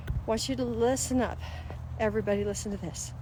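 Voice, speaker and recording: A woman's voice: on the high side, steady tone, fast, background noise. A woman in her fifties hosting a live-streamed motivational talk, coaching viewers directly in an earnest way. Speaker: host.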